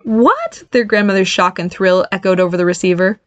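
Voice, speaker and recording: A woman's voice: on the low side, flat delivery, quick pace, no room sound, lo-fi sound. Woman narrating an audiobook, dry sound. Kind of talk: scripted narration.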